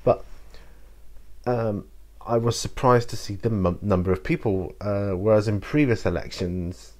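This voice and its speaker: A man's voice: fairly low pitch, unhurried, a little mellow. A man hosting his channel, chatting to camera and answering viewer questions in a rambling, hesitant way. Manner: rambling and hesitant, with many fillers and restarts. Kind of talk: casual solo chat to camera.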